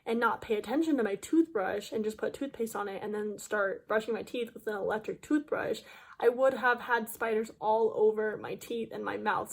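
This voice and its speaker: A young woman YouTuber with a voice on the high side. She tells a casual storytime, chatty and dramatic, with lots of fillers. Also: creaky.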